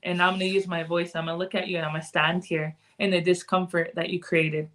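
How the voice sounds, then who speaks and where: A woman's voice: fairly low pitch, flat delivery, fast, a bit bright. A woman talking as a podcast guest in a loose, conversational way. She is candid and frank, and she lets a cuss word slip in here and there. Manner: candid, frank, occasionally cussing. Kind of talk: casual conversation.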